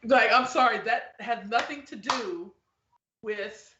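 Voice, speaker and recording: A woman hosting a podcast in casual, opinionated chat, blunt and animated, often acting out the people she quotes. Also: a little high, slow, background noise. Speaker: podcast host. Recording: echoey, dull lo-fi room.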